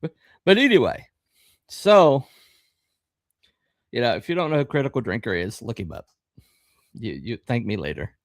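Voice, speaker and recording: A middle-aged man hosting a podcast, talking in a rambling, halting way with lots of fillers and a wry, sarcastic edge. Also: medium pitch, expressive, no echo, studio quality. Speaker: podcast host. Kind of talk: casual live-stream commentary.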